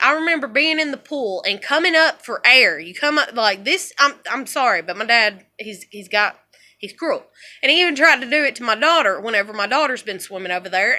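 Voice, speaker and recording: Woman in her 30s ranting, high pitched voice, cusses a lot, goes from mumbly to loud. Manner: rambling, profane storytelling, swinging from low mutters to loud outbursts. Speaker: vlogger. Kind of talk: casual monologue.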